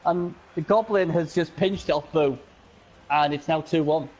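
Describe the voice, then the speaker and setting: A man commentating a video game match casually, excitable and laughing often, with many restarts and repeats. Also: on the high side, normal speed, dull audio.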